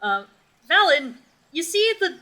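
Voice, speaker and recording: A woman's voice: high-pitched, very animated, a little slow, bright, forceful tone, poor audio. A young woman narrating as game master in a casual, rambling way.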